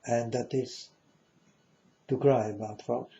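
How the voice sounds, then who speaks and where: Slow mournful man, dark and muffled. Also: medium pitch, steady tone, vocal fry. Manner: slow, mournful, repeatedly addresses listeners as folks. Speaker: self-styled prophet. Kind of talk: prophetic warning monologue. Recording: dull lo-fi audio.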